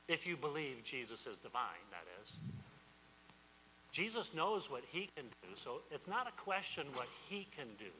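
A man's voice: a little high, big pitch swings, normal speed, bright, forceful tone, big-room sound, a little hiss or hum, low-quality recording. A man preaching a sermon as pastor, emphatic and repetitive, often restarting his phrases.

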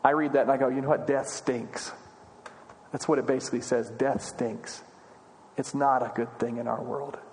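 A man's voice: mid-range voice, fairly even intonation, moderate pace, slight background noise. A man preaching a sermon as pastor, earnest and conversational, often asking questions aloud. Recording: long reverb of a large hall.

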